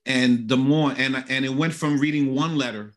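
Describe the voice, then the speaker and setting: A middle-aged man, a guest in a conversational interview, sharing a personal testimony in an earnest, animated way. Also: medium pitch, moderate pace.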